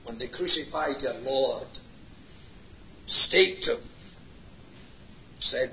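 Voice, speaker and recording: A preacher delivering an impassioned sermon, swinging between hushed and loud passages. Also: male voice, medium pitch, steady tone, slow, long pauses, slight background noise. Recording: lo-fi roomy hall recording.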